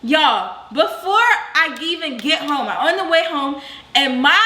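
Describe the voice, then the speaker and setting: A young adult woman telling a storytime vlog in a casual, slangy, animated way, full of exclamations. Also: sits high, moderate pace, echoey room. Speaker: vlogger.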